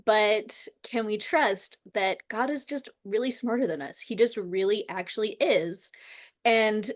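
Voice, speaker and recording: Unhurried and mid-range in pitch, this host, a woman probably in her thirties or forties, shares a personal anecdote in a relaxed conversation. She's sincere, wanders off track, and leans heavily on "like."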